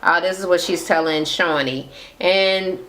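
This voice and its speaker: A woman's voice: lowish voice, unhurried, fairly bright tone. A woman talking casually on camera in a room, recapping a reality show with blunt, sassy, profane asides. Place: indoor room with ring light. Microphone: camera mic at close framing.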